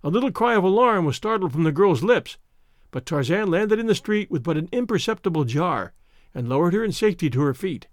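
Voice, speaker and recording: A man reading an adventure novel aloud as an audiobook narrator. His voice sits fairly high and moves a lot, and the recording is dry and close, with no room sound. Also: animated, fairly quick, no echo. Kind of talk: scripted narration.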